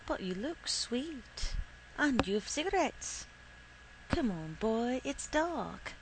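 A woman voicing a young woman who teases and coaxes softly, her lines pitched a little higher than the narration. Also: very animated, takes it slowly, background noise, heavily acted. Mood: coaxing. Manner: teasing, coaxing, soft. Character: young woman, coaxing and teasing.

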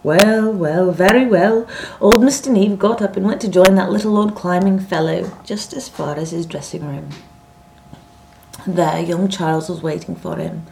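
A woman reading a story aloud in a measured, expressive audiobook narration. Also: on the low side, gravelly, slight background noise, low-quality recording.

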